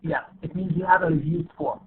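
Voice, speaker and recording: A man teaching English pronunciation in an online class, explaining slowly and drawing out the example words. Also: on the high side, fairly even intonation. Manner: explains slowly in English, switches to rapid Arabic asides; stretches and stresses example words. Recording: tinny phone-like line with faint hum.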